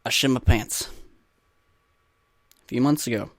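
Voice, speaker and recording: A man's voice: medium pitch, a little slow, a bit bright, no echo, studio quality. A man in his twenties hosting a podcast, telling rambling, profane, self-mocking stories in a casual way. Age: 20s. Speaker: podcast host. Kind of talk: casual crude storytelling monologue.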